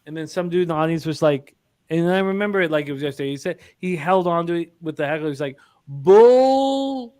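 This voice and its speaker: Rambling casual man, slightly high voice. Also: fairly even intonation, very fast, clear, resonant tone. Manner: rambling anecdotes with many fillers. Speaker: sports betting show host. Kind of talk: casual chat, storytelling.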